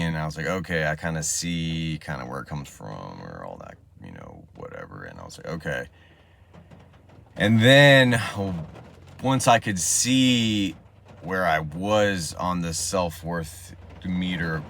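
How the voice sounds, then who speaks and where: Deep-voiced man vlogger, slow and halting, reflective talk to camera. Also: fairly bright tone, slight background noise. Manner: halting, with many pauses and fillers.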